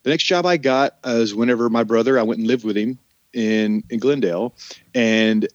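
On a casual podcast, a male guest tells his life story through tales of past jobs, animatedly acting out the voices of people he quotes. His medium-pitched voice moves at a normal pace, and the audio is dull with no echo.

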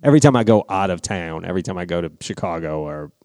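Laid-back New Orleans man, low voice. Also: fast talker, dry recording, studio quality. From Louisiana, USA. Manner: rambling, relaxed storyteller who swears. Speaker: podcast co-host. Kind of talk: casual chat.

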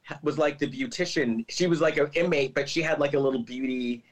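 A man co-hosts a podcast, chatting casually and retelling scenes in an animated way, packing his talk with "like"s. His voice is medium in pitch and a little fast, and the recording quality is low.

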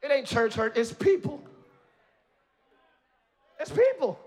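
A man preaching a sermon as pastor, moving between quiet asides and loud, rising shouts, with playful jokes to the congregation. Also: very high voice, big pitch swings, takes it slowly. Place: church sanctuary.

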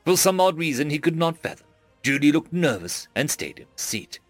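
A man narrates a scripted story with expressive delivery. His voice sits a little high and moves with lively pitch. The sound is close and dry, with faint music underneath. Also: a little fast, no echo.

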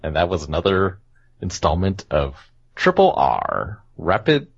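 A very low-voiced man with a husky tone and lively pitch rambles through casual gaming talk on a podcast, laughing often. The recording sounds dull and lo-fi. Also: unhurried. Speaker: podcast host.

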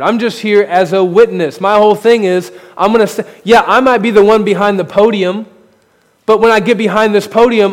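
A male pastor preaching a sermon at a podium microphone, candid and self-deprecating, his emphasis rising and falling. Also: high-pitched. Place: church sanctuary. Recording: long hall reverb.

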